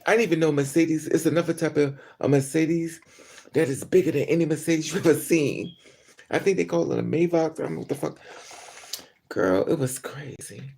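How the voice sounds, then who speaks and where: A woman's voice: sits low, normal speed, creaky, dark tone, a little hiss or hum. A woman vlogger telling stories in a casual, profane, gossipy monologue and often laughing between remarks.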